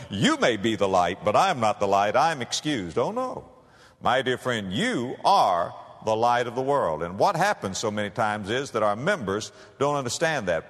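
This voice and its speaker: Dramatic older preacher in a reverberant church. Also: male voice, fairly bright tone. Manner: dramatic preacher, swooping pitch, drawn-out emphatic phrases. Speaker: pastor. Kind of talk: sermon. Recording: long hall reverb.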